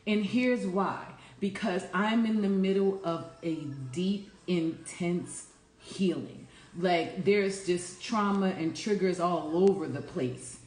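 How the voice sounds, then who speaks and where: A woman's voice: on the low side, slow pace, a little mellow. Earnest woman preaching in an echoey room. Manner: earnest, preachy, addresses listeners as y'all. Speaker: life coach. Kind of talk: casual inspirational morning talk.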